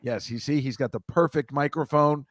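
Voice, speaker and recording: A man's voice: a little high, normal speed, no echo. Middle-aged male podcast host, chatty and rambling, joking with the chat, dry close sound. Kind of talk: casual livestream chat with viewers.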